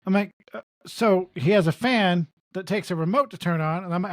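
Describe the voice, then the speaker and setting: A man co-hosting a podcast in casual chat, lively and laughing as he retells scenes in quoted voices. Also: high-pitched, brisk, no room sound. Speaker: podcast co-host.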